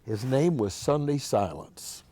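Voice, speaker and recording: A man's voice: mid-range voice, animated, a little slow, mellow, slight background noise. Older man telling folksy stories. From Oregon, USA. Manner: folksy, chatty anecdotes with restarts. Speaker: interview guest, musician. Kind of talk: casual storytelling.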